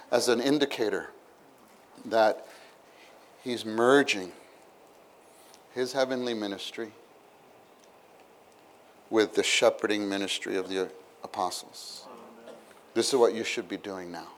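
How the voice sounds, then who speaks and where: A man preaching a sermon, retelling a story with lively acted-out exclamations and asides to the listeners. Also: fairly low pitch, slight background noise. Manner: animated storytelling, acts out scenes with exclamations.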